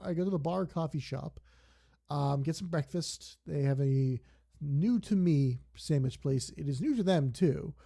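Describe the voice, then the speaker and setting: Rambling young man with a gravelly voice. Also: fairly high pitch, lively intonation, normal speed, warm tone. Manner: rambling, digressive storytelling. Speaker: streamer. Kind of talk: casual stream chat while gaming.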